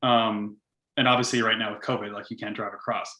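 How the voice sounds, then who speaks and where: Young canadian dude ranting about his day on a podcast, bright sharp voice, kinda echoey room. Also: lowish voice, fairly quick, muffled recording. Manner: animated storytelling, frequent "like" and laughter. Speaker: podcast co-host. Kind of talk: casual chat.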